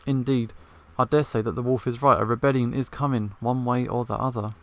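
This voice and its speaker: A man voicing a smooth-talking male fox private investigator, reading his lines in a courteous, measured way. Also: medium pitch, steady tone, natural voice. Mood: calm.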